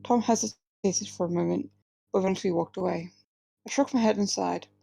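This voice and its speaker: A woman's voice: mid-range voice, fairly quick, gravelly, mellow, dry recording, low-quality recording. A woman reading her own first-person fiction aloud at a live reading, with small slips and restarts. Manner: plain reading with slips and restarts, few distinct character voices.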